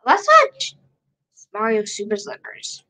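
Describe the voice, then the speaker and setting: A woman with a fairly high, very lively voice, chatting casually through a live stream. She talks to herself as she works the screen and asks the same questions again and again. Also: slow, poor audio.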